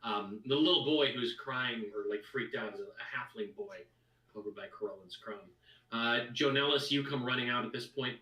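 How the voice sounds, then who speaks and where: Bright-voiced man as dungeon master. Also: medium pitch, echoey room, far from the mic, poor audio. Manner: casual, halting with fillers. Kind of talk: narrating a tabletop game.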